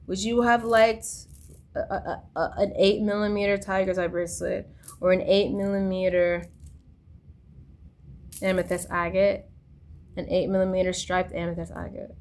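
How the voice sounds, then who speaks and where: A woman's voice: mid-range voice, steady tone, measured pace, a little hiss or hum. Rambling, insistent woman vlogger. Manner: repetitive, insistent, swings between loud bursts and near whispers; frequent fillers and restarts. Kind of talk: casual rambling monologue to viewers.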